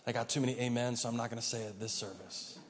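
A man's voice: medium pitch, steady tone, quick pace. A man pastor giving a conversational sermon, telling the story vividly and asking the congregation questions. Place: church sanctuary. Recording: reverberant church hall.

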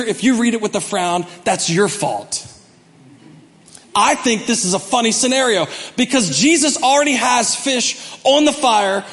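A high-voiced male pastor preaches in a big hall with a long echo trailing his words. He acts out the story animatedly, dropping low and then shouting out loud. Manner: animated, acting out the story, swinging from quiet to shouting. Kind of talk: sermon.

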